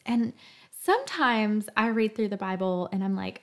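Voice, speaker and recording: A woman hosting a faith talk, speaking earnestly and emotionally in a gentle storytelling tone. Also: medium pitch, expressive, moderate pace. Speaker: podcast host.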